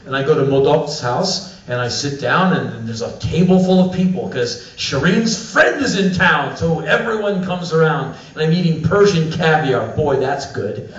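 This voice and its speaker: Animated man telling stories on stage. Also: on the high side, normal speed. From United States. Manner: animated, profane, acts out quotes. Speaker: spoken-word performer. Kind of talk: live comic storytelling. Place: live venue stage. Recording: distant, roomy, dull live recording.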